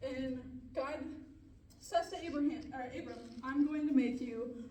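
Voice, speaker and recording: A high-pitched young woman performs stand-up, telling long self-deprecating stories in a mellow, soft-edged tone. She laughs at her own lines as she goes. Her voice sounds distant and echoey, as if picked up from across the room. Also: a little slow, slight background noise. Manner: rambling, self-deprecating storytelling with frequent laughs. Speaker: stand-up comedian. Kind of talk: stand-up comedy set.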